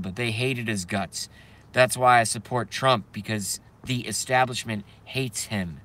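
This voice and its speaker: A man's voice: mid-range voice, measured pace, bright, forceful tone. A man ranting to viewers on a live stream from his parked car, swearing and agitated.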